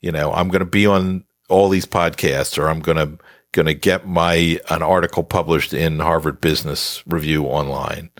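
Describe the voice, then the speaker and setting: Deep-voiced man giving emphatic advice. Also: steady tone, moderate pace, no room sound, studio quality. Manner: emphatic, lecturing with playful scolding. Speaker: author guest. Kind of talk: podcast interview, explaining advice.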